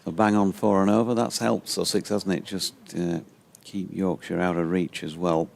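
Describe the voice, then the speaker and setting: A man's voice: low voice, flat delivery, moderate pace, gravelly, darkish tone. A man giving easygoing ball-by-ball cricket commentary, correcting himself as he goes.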